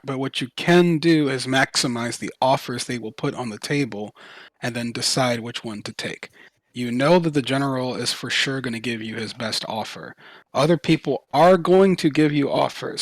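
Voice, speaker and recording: A man's voice: mid-range voice, normal speed, no echo. Male game master, casual and profane, close dry sound. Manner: casual, swears freely, laughs easily. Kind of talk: running a tabletop game online.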